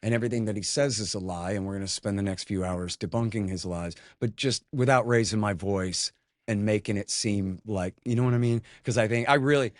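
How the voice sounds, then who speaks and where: Casting note: tired, cranky male guest, low-pitched, rambling and blunt, dry close sound. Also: brisk, no echo. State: tired from lack of sleep. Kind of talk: casual conversation.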